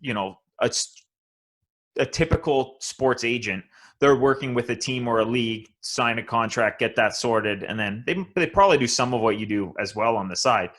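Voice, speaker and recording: A male podcast host at a typical pitch for a man. He asks his guest questions in a relaxed, conversational way, keeping the chat casual. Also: normal speed.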